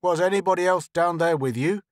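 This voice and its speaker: A man reading the lines of curt police officers who question in a flat, clipped way, in an audiobook reading. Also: high voice, a little fast, no room sound, studio quality, pitched above the performer's own voice, close to an everyday voice.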